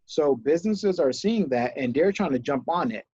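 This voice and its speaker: A man co-hosting a casual business podcast, talking with enthusiasm and telling animated stories. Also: fairly high pitch, normal speed, husky, dry recording, dull audio. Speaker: podcast co-host, business owner.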